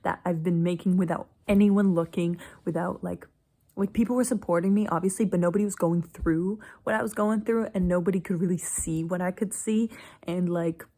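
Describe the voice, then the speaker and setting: Rambling young woman vlogger, low-pitched. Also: steady tone, fairly quick, warm tone. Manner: rambling, filler-heavy, frequent "like" and swearing. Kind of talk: casual personal vlog.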